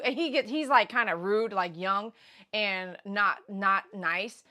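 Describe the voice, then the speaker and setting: Woman livestream host, bright tone, animated, blunt and slangy, casual storytelling. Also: mid-range voice, measured pace. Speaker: pet groomer host. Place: grooming shop.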